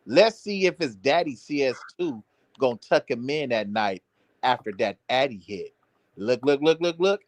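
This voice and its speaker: A man co-hosting a livestream, talking in a loud, animated, mocking way and laughing often. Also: medium pitch, normal speed, dry recording. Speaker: co-host. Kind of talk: livestream banter.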